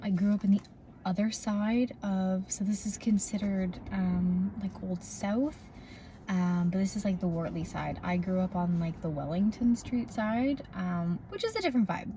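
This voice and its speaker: A woman's voice: medium pitch, a little slow, warm tone, slight background noise. A young adult woman vlogging casually from her car, rambling with lots of fillers and restarts, recorded on a propped-up phone. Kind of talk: casual vlog chat. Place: in a parked car.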